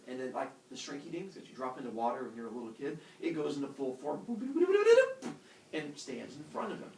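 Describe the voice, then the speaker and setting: Brief: animated male teacher spinning a myth, gravelly voice, recorded from the back of an echoey classroom. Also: medium pitch, slight background noise. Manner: casual, animated, filler-heavy with sound effects. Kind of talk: storytelling lesson. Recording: roomy classroom from far off.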